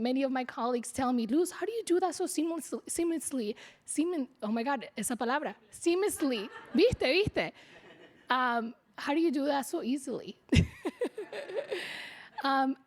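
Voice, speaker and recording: High-voiced woman giving an acceptance speech. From Colombia. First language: Spanish. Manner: animated and laughing, mixing in Spanish. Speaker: award honoree, TV reporter. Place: banquet hall at an awards breakfast.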